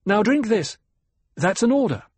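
Guy putting on a stern bitter noblewoman, high and loud, clipped commands, dry sound. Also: very animated, moderate pace, husky, dry recording, full character voice. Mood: commanding.

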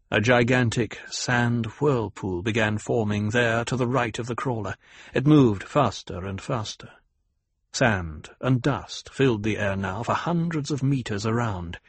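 A man narrating a novel in a measured, even storytelling manner. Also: medium pitch, husky, no echo. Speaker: audiobook narrator. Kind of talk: scripted narration.

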